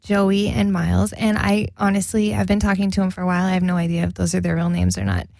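A woman hosting a radio show, chatting casually on air in quick, giggly bursts from a studio. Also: fairly low pitch, vocal fry, darkish tone, dry recording. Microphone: studio mic.

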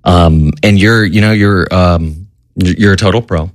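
A man's voice: sits low, unhurried, no echo, clean studio sound. A man hosting a podcast, chatting loosely and joking, with the odd swear word. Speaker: podcast host. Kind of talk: casual chat.

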